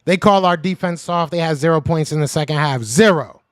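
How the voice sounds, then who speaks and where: A man with a high voice on a close, dry mic, hosting a sports podcast stream. He trash-talks rival fans in loud slang and hammers each point over and over. He speaks straight to viewers in the chat. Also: fairly quick, no echo. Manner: heated, trash-talking, repeats himself for emphasis. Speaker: podcast host. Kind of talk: live-stream sports rant.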